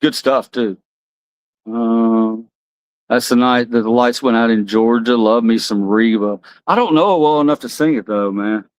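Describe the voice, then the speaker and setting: A man's voice: medium pitch, measured pace, clear, resonant tone, dry recording, poor audio. An American man hosting a livestream, rambling loosely and chatting with viewers by name. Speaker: livestream host. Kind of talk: casual chat with chat readers.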